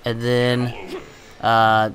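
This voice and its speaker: A man talks through his game in a loose, chatty way, sighing over his losses and laughing them off. His voice sits in an ordinary middle range. Game sounds and steady noise run underneath him. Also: mid-range voice, drawn-out words, poor audio. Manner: chatty, exasperated, laughs at own bad luck. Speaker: gaming channel host. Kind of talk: casual gameplay commentary.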